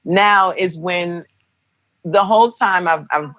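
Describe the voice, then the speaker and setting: A young woman telling her birth story as a podcast guest, animated and acting out what people said. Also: fairly low pitch, slow pace, no room sound, poor audio. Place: podcast studio.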